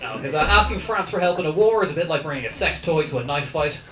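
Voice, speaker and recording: A man's voice: fairly high pitch, animated, fast talker. A young man with a posh South Dublin accent doing dry, self-mocking stand-up and crowd work in a comedy club. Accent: South Dublin Irish. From South County Dublin, Ireland. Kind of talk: stand-up set. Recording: echoey club from far off, noisy. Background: audience laughter.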